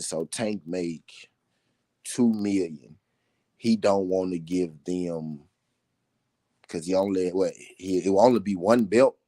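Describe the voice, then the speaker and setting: Man, deep voice, emphatic repetition, casual live talk, dry close sound. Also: dark tone, dry recording. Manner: repetitive, emphatic, laughing between points. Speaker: boxing talk show host.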